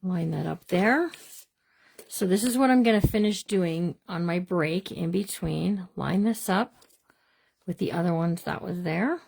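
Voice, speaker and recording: Chatty husky-voiced woman crafter. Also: on the low side, measured pace, darkish tone. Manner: chatty, talks to viewers as "you guys"; bubbly, playful made-up words. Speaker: craft livestream host. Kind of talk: casual crafting demonstration. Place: home craft room.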